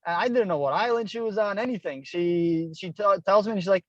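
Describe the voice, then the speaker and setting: A man's voice: high voice, fairly quick, few pauses, no room sound. Middle-aged guy telling his story in an interview, earnest, dry dull lo-fi sound. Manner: earnest, personal, acts out quoted dialogue. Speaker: guest author. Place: Hilo, Hawaii.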